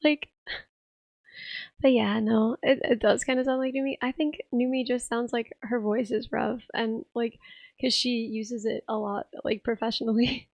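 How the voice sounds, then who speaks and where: A young woman with a hoarse, raspy voice, chatting casually on a live stream and laughing as she reads chat. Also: a little high, steady tone, measured pace, a little mellow, dry recording, lo-fi sound. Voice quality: rough, raspy voice. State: hoarse, tired voice.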